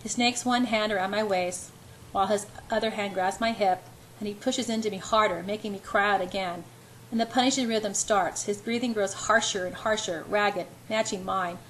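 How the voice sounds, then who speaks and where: A woman's voice: mid-range voice, steady tone, moderate pace, a bit bright, a little hiss or hum, low-quality recording. A woman reading a romance novel aloud in an unpolished first-person voice. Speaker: amateur reader.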